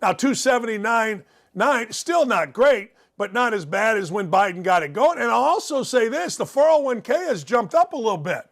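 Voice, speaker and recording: Sarcastic, high-voiced man ranting. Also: sing-song, moderate pace. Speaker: sports talk show host. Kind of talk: opinionated sports and politics rant.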